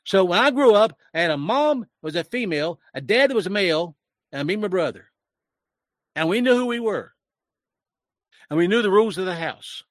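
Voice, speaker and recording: A man's voice: sits high, expressive, normal speed, pauses often, no room sound. Older man preaching, close and dry. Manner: emotional, preachy, rising to raised voice. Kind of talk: sermon-like commentary.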